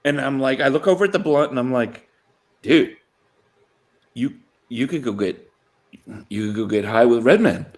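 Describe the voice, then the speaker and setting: A man's voice: mid-range voice, moderate pace, long pauses. A man co-hosting a sports talk show, telling a long casual anecdote and chuckling as he goes. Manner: animated anecdote-telling, chuckling mid-sentence. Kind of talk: casual storytelling chat.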